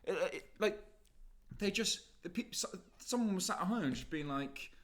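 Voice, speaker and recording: A young man co-hosting a loose, unplanned chat. His pitch swings widely as he talks, and he slips into impressions of other people mid-sentence. He swears freely and sounds animated throughout. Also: moderate pace. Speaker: podcast co-host. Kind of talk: casual chat.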